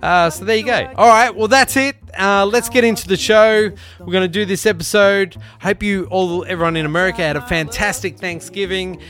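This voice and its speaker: A man's voice: high-pitched, fairly even intonation, fairly quick, few pauses, fairly bright tone, faint music behind. A man with an Australian accent hosting a podcast in loose, rambling casual chat, swearing freely and joking around. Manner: loose, profane, rambling and jokey. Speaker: podcast host.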